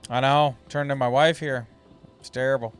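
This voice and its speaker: A man streaming a space game, chatting casually and reading ship descriptions aloud in a relaxed, slightly halting way. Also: medium pitch, faint music behind.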